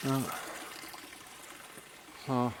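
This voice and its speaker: A man excitedly pointing things out as he walks, talking in a rambling, conspiratorial way outdoors. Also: very slow, a little hiss or hum, low-quality recording. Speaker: vlogger. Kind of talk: rambling walking commentary.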